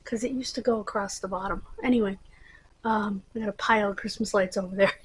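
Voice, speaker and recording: A woman's voice: medium pitch, steady tone, quick pace, husky, low-quality recording. A middle-aged woman hosting her own channel, chatting casually and rambling with many fillers. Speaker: channel host. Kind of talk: casual chat to camera.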